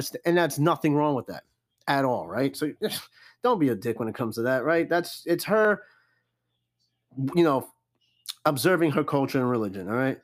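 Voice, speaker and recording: On his casual solo podcast, a young man with a voice on the high side talks at normal speed, handing out blunt, profane advice on listener questions. Animated, he repeatedly says "I'm gonna tell you right now."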